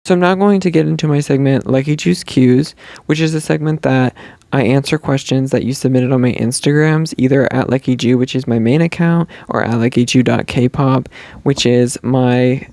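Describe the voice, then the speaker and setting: A young man tells a fan story on his podcast in a chatty, gushing way. His voice is gravelly and warm, with a dry, close sound. He rambles, restarts, and fills gaps with "like" and "um". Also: medium pitch, moderate pace, dry recording. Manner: gushing, chatty fan talk with many likes and ums. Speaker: podcast host. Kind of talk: casual storytelling chat.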